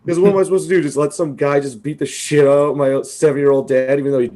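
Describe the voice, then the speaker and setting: Male podcast co-host, mellow and warm in tone, tells stories loosely with lots of swearing and laughter. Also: on the high side. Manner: animated, swearing, laughs often, quotes people in quick asides. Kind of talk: casual storytelling chat.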